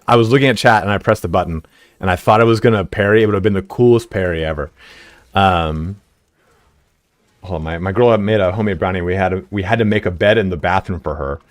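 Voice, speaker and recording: Low-voiced rambling man streaming a game. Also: quick pace, no echo. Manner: rambling, filler-heavy, swears, laughs often. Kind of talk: casual storytelling while gaming live.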